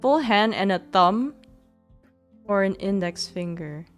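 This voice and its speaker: A woman's voice: mid-range voice, expressive, slow, faint music behind. Giggly rambling woman streamer. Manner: rambling, giggly, full of fillers. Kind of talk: casual chat.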